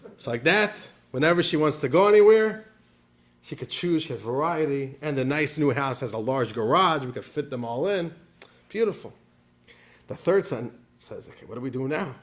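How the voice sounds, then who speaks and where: Man, rabbi, class lecture, animated storyteller, sprinkles Yiddish words, slightly high voice. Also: normal speed. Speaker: rabbi teaching a course.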